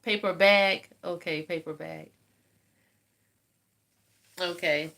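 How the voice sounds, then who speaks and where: An older woman with a Southern US accent hosts a live eating stream, chatting and telling stories to viewers as she eats and laughs often. Her voice is lowish and fairly bright, with vocal fry, a steady tone, and a slow pace.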